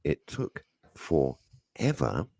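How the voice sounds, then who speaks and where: A hoarse British man with a sore throat, hosting a radio show and telling a ranting, joking story. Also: a bass voice, very animated, drawn-out words, dark tone, no echo, clean studio sound. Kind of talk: casual banter on air.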